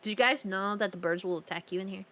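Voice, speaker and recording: A woman's voice: medium pitch, fast talker, bright, forceful tone. A woman streaming a horror game, chatting playfully with her viewers and laughing often. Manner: playful, chatty, talks to chat, giggly. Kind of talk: casual live-stream chat while gaming.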